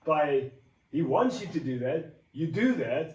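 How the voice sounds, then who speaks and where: A man talking in a casual devotional vlog, animated and a bit preachy, rambling with restarts. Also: fairly high pitch, measured pace. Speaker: vlogger. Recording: roomy echo, mic at a distance.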